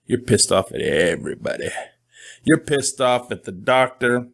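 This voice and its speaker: A middle-aged man talks straight to his audience in a casual monologue. He is candid and joking, and his voice sits at an ordinary middle pitch. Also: normal speed, vocal fry. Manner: candid, joking, animated storytelling. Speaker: host.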